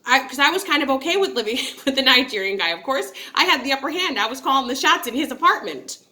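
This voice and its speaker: A woman's voice: high-pitched, lively intonation, fast talker, bright, forceful tone. A woman in her thirties from upstate New York, telling a personal story in a candid, chatty and digressive way, with frequent asides to her viewers. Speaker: vlogger. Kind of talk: casual storytelling.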